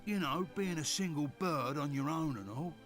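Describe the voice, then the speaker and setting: A man's voice: on the high side, moderate pace, music in the background, lightly acted. A man playing a blunt slangy ex-bandit.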